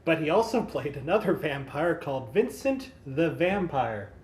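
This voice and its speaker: A podcast co-host in casual chat, calmly explaining plots in detail. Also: medium pitch, normal speed, reverberant.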